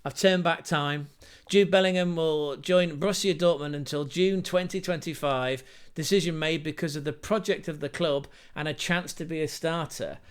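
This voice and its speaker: Chatty man with a smooth voice. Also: on the high side. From England. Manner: chatty, jokey and animated, with quick asides. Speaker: football channel host. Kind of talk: casual commentary.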